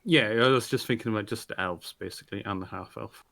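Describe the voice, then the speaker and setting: A man with a gravelly, fairly low voice talks through a plan with his gaming group. He thinks aloud, trails off and picks up again. His voice sounds close and dry. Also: fast talker, fairly bright tone, no room sound. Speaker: tabletop game player. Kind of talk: casual planning talk at the game table. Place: home, online voice chat.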